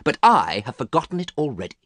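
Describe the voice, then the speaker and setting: A man's voice: mid-range voice, huge pitch swings, quick pace, no room sound, studio quality, voice pushed up. A man voicing a vain, cold young man who sounds bored and scornful, in a storybook reading. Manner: bored, scornful, sometimes sharp.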